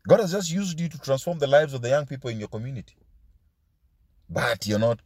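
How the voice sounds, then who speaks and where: A man's voice: medium pitch, expressive, brisk, pauses often, breathy edge, no room sound, studio quality. A man preaching a sermon as pastor, asking his listeners question after question and dropping into Swahili asides.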